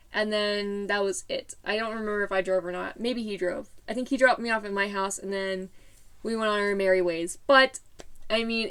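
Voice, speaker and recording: A woman's voice: mid-range voice, fairly bright tone, smooth. A teenage girl telling a story in a casual vlog, bubbly and rambling with lots of fillers. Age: late teens.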